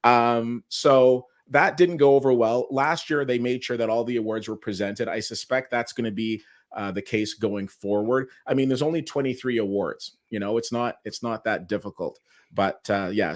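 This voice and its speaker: Male host, casual awards-talk style, mid-pitched, easygoing, keeps the segment moving. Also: steady tone, moderate pace. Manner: conversational, steers the segment and reads out nominees. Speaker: show host. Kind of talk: casual awards-preview chat.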